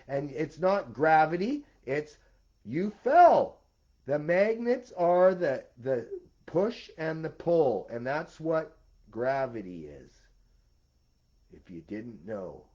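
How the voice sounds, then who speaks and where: A man's voice: mid-range voice, a little mellow, muffled recording. A man delivering a rambling, intense monologue as the host of his own video series.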